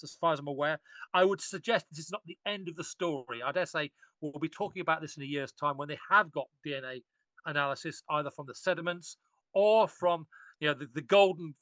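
This podcast guest is an archaeologist with a slightly high, sharp-toned voice, captured dry. In a casual discussion, he rambles eagerly and keeps starting his thoughts over.

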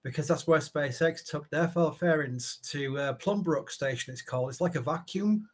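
Rambling higher-voiced man co-hosting. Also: moderate pace. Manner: rambling, lively storytelling. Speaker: co-host, managing editor. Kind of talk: casual live show chat.

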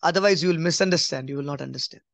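A man's voice: rapid-fire, vocal fry, no room sound. Emphatic man teaching scripture. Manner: emphatic, repeats key phrases, drops to a soft low voice. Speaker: preacher. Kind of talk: conversational Bible teaching.

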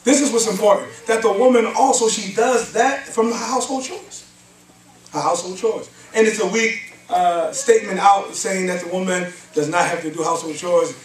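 Speaking at a normal speed in a high voice, an Islamic lecturer gives a religious talk in a mosque hall. He recites Arabic verses and poses rhetorical questions like "huh?" and "what?" to listeners. The recording is echoey, with a distant mic and faint hiss.

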